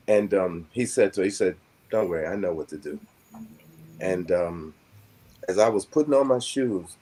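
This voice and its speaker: Husky low-voiced older man reminiscing. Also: darkish tone. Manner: rambling, reflective, with many fillers. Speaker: guest. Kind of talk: casual storytelling conversation.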